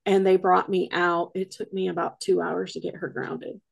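A woman's voice: on the low side, level tone, moderate pace, gravelly, breathy edge. A woman guest on a podcast, a paranormal investigator, telling a rambling story full of quoted dialogue in a casual way.

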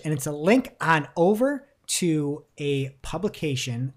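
Woman podcast co-host, casual and animated, with a very lively pitch and playful mock voices on quotes. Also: unhurried. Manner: animated, laughing, mock voices when quoting. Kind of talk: casual chat about search marketing news.

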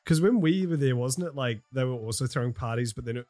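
A man's voice: medium pitch, lively intonation, quick pace, mellow, no echo. A man chats on a podcast, hesitant and full of questions. His voice sits in a middle register, with faint music in the background. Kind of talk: casual chat.

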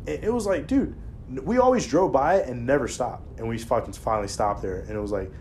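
A man telling stories in casual chat, animated and profane, jumping into a raised voice to act out quotes. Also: mid-range voice, fast talker, slight background noise. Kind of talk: casual storytelling.

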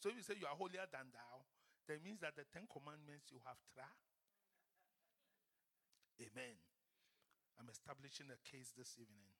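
A man preaching a sermon, repeating phrases and swinging between loud fervent proclamation and hushed, lowered passages.

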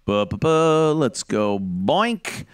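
A man's voice: medium pitch, big pitch swings, very slow, smooth. A man hosting a radio talk show, ranting casually and swearing often. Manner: loud, rants, swears a lot. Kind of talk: profane casual radio banter.

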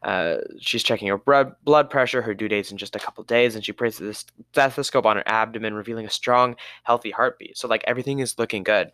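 A man's voice: on the low side, fairly quick, few pauses, fairly bright tone, no room sound, studio quality. A man co-hosting a podcast, casually recapping a movie in a rambling way and sometimes losing his place. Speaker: podcast co-host.

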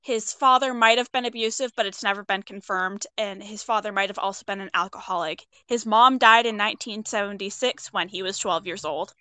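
A woman's voice: mid-range voice, brisk, hardly any pauses, pushed and bright, clean tone, no echo. A young woman on a casual podcast call, reading through a true-crime case from her notes between jokes with friends. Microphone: own mic on an online call.

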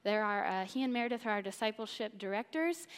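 A woman's voice: medium pitch, animated, fast, smooth. A woman from Missouri giving an enthusiastic, earnest Bible teaching from a church stage. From Missouri, USA. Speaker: church speaker. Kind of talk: sermon-style Bible teaching. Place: church auditorium. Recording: long church-hall reverb.

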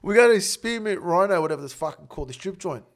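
A man, a guest telling a story in casual, profane, animated talk. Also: high-pitched, fast talker. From Australia.

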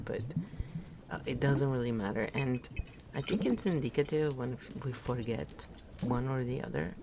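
A woman's voice: very deep voice, moderate pace, creaky, background noise. A woman from Italy giving a casual, rambling spiritual talk, often laughing at her own jokes. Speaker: podcast host.

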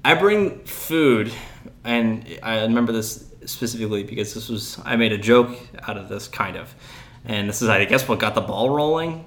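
A man in his early twenties telling a story in casual chat as a podcast host, animated and laughing as he acts out what people said. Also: fairly low pitch, moderate pace. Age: 20s.

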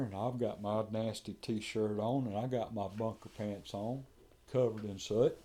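A man's voice: lowish voice, warm tone. A man, a firefighter telling a story in casual conversation and acting out what others said.

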